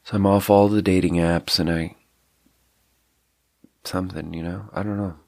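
This is a casual solo podcast monologue from a male host whose low voice carries vocal fry and a warm tone, with fairly even intonation and a moderate pace. The studio-quality recording is dry. Stuffy-nosed, he rambles reflectively and pokes fun at himself, letting a slight South African slip show in his accent.

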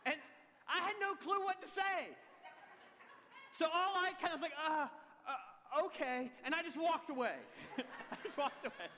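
A man preaching a sermon as pastor, telling an animated, self-deprecating story with humor. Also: very high-pitched, moderate pace, pauses often, slight background noise. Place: large church hall. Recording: long hall reverb.

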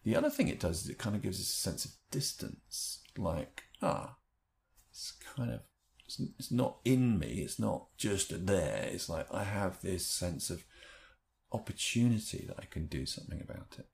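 A man giving an explanatory talk on handling stress, thoughtful, with lively rises in pitch and the odd restarted word. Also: normal speed, vocal fry. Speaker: speaker explaining a stress technique.

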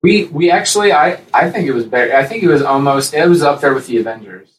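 A man co-hosting a casual podcast chat, rambling and animated, breaking into high-pitched impressions. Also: fast talker, echoey room, far from the mic, poor audio. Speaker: podcast co-host.

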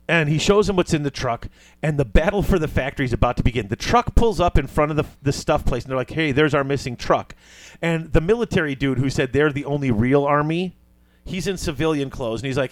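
Male co-host with a higher-pitched, dry voice who recaps films with lively, acted-out quotes. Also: fast talker, no room sound. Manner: animated retelling, acting out quoted lines. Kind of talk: casual movie recap.

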